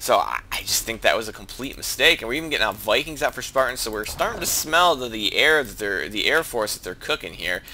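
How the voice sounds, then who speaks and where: A man's voice: on the low side, animated, fast talker, hardly any pauses, pushed and bright, a little hiss or hum. A man giving casual play-by-play commentary on a team strategy game he is playing, thinking aloud with many restarts, his voice lifting when fights break out.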